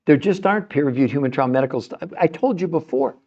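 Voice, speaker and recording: A middle-aged man with a fairly high voice argues his point with passion as he hosts a livestream health talk. He often repeats words and restarts his sentences when he gets fired up. The sound is dull and lo-fi. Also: expressive, fast talker, a little mellow. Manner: passionate, emphatic, argumentative. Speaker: health show host answering viewer comments.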